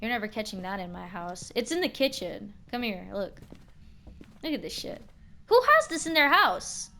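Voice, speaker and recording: A young adult woman streaming a game and chatting casually, expressive and slangy, swearing freely. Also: medium pitch, normal speed, a little hiss or hum. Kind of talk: casual chat while gaming.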